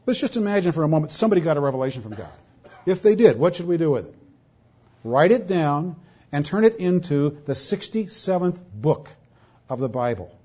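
With a slightly high, warm voice edged with breath, this preacher drives his sermon home emphatically. He fires off rhetorical questions and changes pace to stress his points, and the recording sounds dull and lo-fi.

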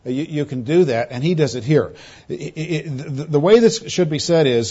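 A man preaches an earnest expository sermon in a slightly high voice. He leans on repeated words and phrases to drive each point home. The recording sounds dull and lo-fi. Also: normal speed, dark tone, husky.

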